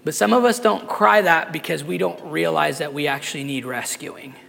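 A man, a pastor, delivering an impassioned sermon to a live congregation, building up to shouts and often restarting phrases. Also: on the high side, normal speed, creaky, in a large hall. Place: church sanctuary with a live congregation.

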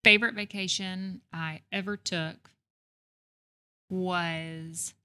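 A woman's voice: fairly low pitch, fairly even intonation, bright, forceful tone. A middle-aged woman speaking as a podcast guest in casual chat, earnest and reflective, talking through her answers. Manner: earnest, reflective, quick to list things. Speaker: guest, real estate executive.

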